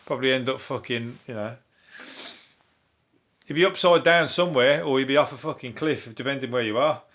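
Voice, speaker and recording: A man with a Birmingham accent riffs through the news as a comedian host. He swears freely, laughs at his own jokes and drifts from one tangent to the next. His voice sits at an ordinary middle pitch. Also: normal speed, pauses often, a bit bright. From Birmingham, England. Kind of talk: rambling comic news monologue.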